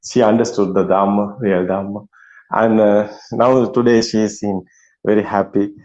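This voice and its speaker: A man's voice: fairly low pitch, level tone, normal speed, a little mellow, muffled recording. A man hosting an online meeting, speaking casually with many fillers and frequent laughs. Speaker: meeting host. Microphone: video call.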